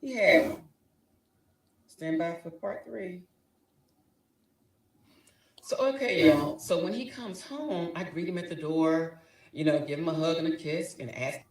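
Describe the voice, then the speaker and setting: Animated woman storyteller in an echoey room. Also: on the low side, unhurried, long pauses, recorded from a distance. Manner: dramatic, acts out both sides of quarrels. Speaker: guest telling her story.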